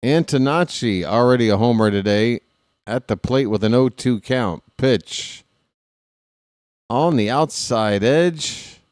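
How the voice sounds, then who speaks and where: A man calls a ballgame for fellow fans, taking it slowly between pitches and adding dry, wry asides. The recording is close and dry with no room sound, his voice smooth and clear until big hits make him shout excitedly.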